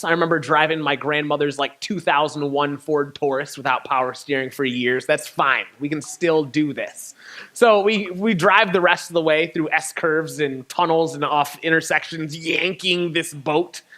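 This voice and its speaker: A young man from Michigan, a touring poet, telling a lively story to an audience and acting out the dialogue. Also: a little high, normal speed. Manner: animated, acts out dialogue with laughter. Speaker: touring poet and guest speaker. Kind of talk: storytelling talk.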